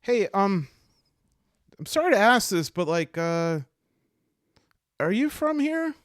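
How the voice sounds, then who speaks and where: A man's voice: on the high side, very animated, measured pace, dry recording, studio quality, pitched above the performer's own voice. A man voicing a nervous, apologetic young male hunter who stammers and rambles. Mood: flustered.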